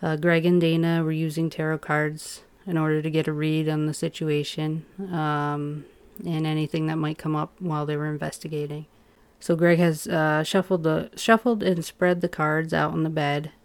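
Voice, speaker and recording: A woman's voice: sits low, flat delivery, moderate pace, clear, resonant tone. A woman co-hosting a podcast, recounting events steadily with small uh fillers in a casual recap. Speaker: podcast co-host.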